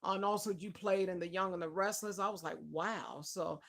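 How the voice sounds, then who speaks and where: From her home, a woman runs a casual live stream interview, greeting regular viewers by name with effusive warmth before things start. Her voice is medium-pitched, fairly even in intonation, and moderately paced.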